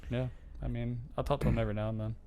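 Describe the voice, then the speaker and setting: A man's voice: mid-range voice, little pitch movement, racing, mellow, slight background noise. A man on a casual podcast chat, dry and understated, saying little. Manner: dry, understated, few words.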